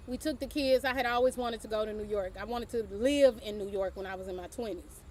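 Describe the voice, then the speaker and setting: A woman's voice: on the high side, quick pace, a little mellow, slight background noise. A middle-aged woman hosting her own show, telling a casual story, laughing often and swearing offhandedly. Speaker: host.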